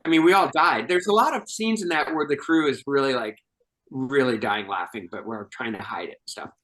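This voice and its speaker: An older man, a guest filmmaker, chatting casually and telling animated behind-the-scenes stories with restarts and laughs. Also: medium pitch, a little fast, a little hiss or hum, poor audio. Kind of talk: casual chat.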